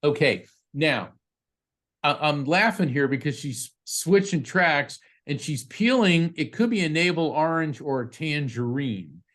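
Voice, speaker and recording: A man working as a psychic medium, giving a live reading to a participant over a video call in a quick, conversational way, often restarting his sentences. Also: on the high side, lively intonation, fairly bright tone. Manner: fast, restarting, conversational delivery.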